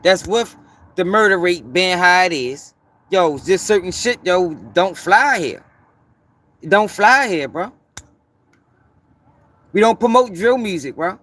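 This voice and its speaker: A man's voice: sits high, lively intonation, takes it slowly, pauses often, a bit bright. Profane, emphatic man ranting. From Baltimore. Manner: profane, emphatic, repeats points for stress. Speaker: commentary channel host. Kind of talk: heated commentary rant.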